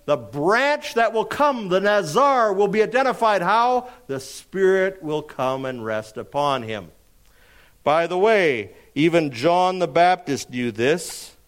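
A man preaching an expository sermon, emphatic, posing rhetorical questions and answering them, slowing down dramatically on key phrases. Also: high-pitched, very animated, fairly bright tone.

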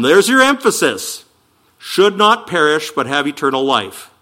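A high, bright male voice preaching with lively swings in pitch. He explains each point in an animated, emphatic teaching style and slows right down to lean on key words. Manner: animated, emphatic teaching with slow stressed quotes. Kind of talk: sermon.

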